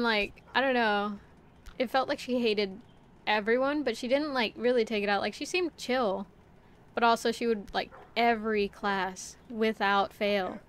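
A young woman streaming a climbing game, chatting casually and rambling to her viewers, swearing when she gets frustrated. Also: fairly high pitch. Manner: talks to chat while playing. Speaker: VTuber streamer. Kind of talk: casual gameplay livestream chat.

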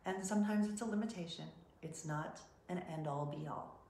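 A middle-aged woman talks through the modeling business in a casual, chatty way, playing out quick exchanges with clients as she goes. Her voice sits a little low, and the room around her is echoey. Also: a little hiss or hum. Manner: chatty, animated, acts out quotes from clients. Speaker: modeling and talent agent. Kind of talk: casual teaching talk.

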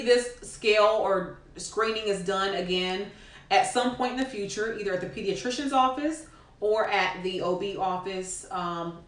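A woman nurse explaining patient care in a frank, conversational way, with frequent ums and restarts. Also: mid-range voice. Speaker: postpartum nurse educator. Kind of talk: casual spoken teaching to camera. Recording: echoey room.

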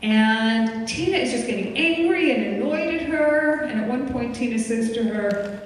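A woman in her sixties, a psychiatrist giving a relaxed, conversational parenting lecture, slipping into the voices of the parents and children she quotes. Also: fairly high pitch, normal speed. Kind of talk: lecture to an audience. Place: lecture hall. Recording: echoey hall from far off, faint noise.

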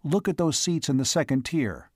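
A man's voice: on the high side, expressive, normal speed, darkish tone, breathy edge, no echo, clean studio sound. A man reading the part of a young male salesman who leads an exploring crew, speaking in a plain, direct way.

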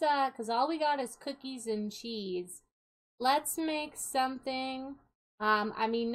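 A young woman casually commenting on a life-sim game she plays, chatty and quick to laugh. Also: fairly high pitch, rough recording. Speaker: gaming video host.

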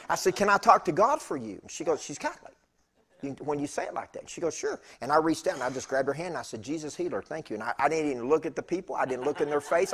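A man preaching in church, telling a personal story in a chatty, animated way with laughing asides to the congregation. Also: fairly high pitch, husky. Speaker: pastor. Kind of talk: storytelling sermon. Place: church sanctuary.

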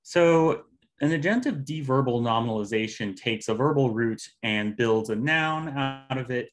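A man presenting an academic linguistics talk over a video call, measured and explanatory with occasional fillers. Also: on the low side. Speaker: conference presenter.

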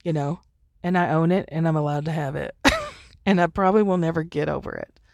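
A woman's voice: low-pitched, brisk, creaky, darkish tone, no room sound, lo-fi sound. A woman hosting a podcast, talking alone in a frank, chatty way and laughing easily. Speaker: podcast host. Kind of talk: candid solo podcast monologue.

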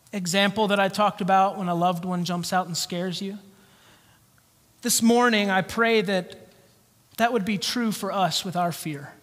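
A male pastor preaching a sermon with animated storytelling. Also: high-pitched. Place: church sanctuary. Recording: long church hall reverb.

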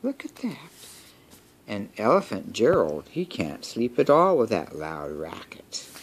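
A woman telling a made-up bedtime story with toys, in a gentle, playful way. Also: rumbling low, big pitch swings, unhurried.

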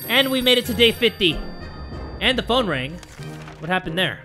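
A young man playing a survival game, reading its text aloud and reacting with excitable, sometimes profane commentary. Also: high-pitched, fairly quick, faint music behind. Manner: excitable, reads game text aloud, swears, yells at setbacks. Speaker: gaming YouTuber. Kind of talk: let's play commentary.

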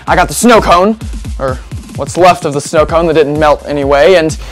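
A woman's voice: deep voice, normal speed, faint music behind, lightly acted. A woman playing a frantic adventurer host in a children's church skit, speaking in an exclamatory way.

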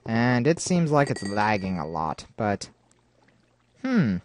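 A man giving rambling gameplay commentary, talking to himself with excitable outbursts. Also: on the low side, takes it slowly, a little hiss or hum. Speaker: let's play host.

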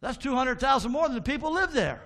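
A pastor preaching a sermon in a church, fervent, calling out to the congregation for responses and dropping into folksy asides. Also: male voice, extremely high pitch, sing-song, fast, fairly bright tone. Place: church sanctuary.

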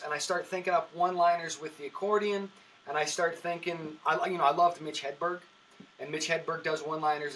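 A man's voice: on the high side, pushed and bright, far from the mic, poor audio. A man who works as a comedian, chatting as a podcast guest and telling long, rambling stories, often restarting his sentences. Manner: rambling storytelling with frequent restarts. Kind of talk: casual podcast chat.

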